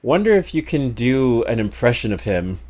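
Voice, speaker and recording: A man's voice: mid-range voice, very animated, moderate pace, darkish tone. A man streaming a game, chatting casually and joking, rambling with many fillers. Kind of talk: casual live-stream chat.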